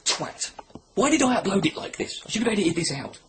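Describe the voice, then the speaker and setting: A man's voice: high voice, sing-song, a little fast, noisy background. A man rambling through a crude, sarcastic comedy monologue, filming himself at home on his camera. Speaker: comedy vlogger. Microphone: camera mic.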